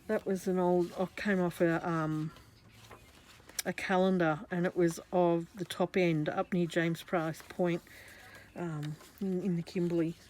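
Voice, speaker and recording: Australian woman, lowish voice, easygoing rambling craft vlogger who corrects herself as she goes. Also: fairly even intonation, measured pace, a little mellow, slight background noise. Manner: chatty and meandering, with frequent self-corrections. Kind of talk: casual craft journal flip-through.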